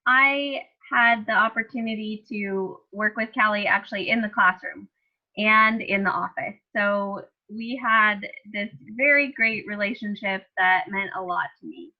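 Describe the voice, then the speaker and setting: A woman teacher giving a sincere, gentle tribute to a student over a video call. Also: mid-range voice, unhurried. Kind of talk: short tribute speech. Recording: slightly dull video call audio.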